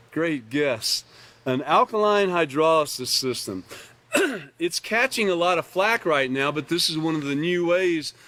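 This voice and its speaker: A man teaching a live online class from slides, talking casually with joking asides and often clearing his throat. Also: a little high, fairly bright tone. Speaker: class instructor.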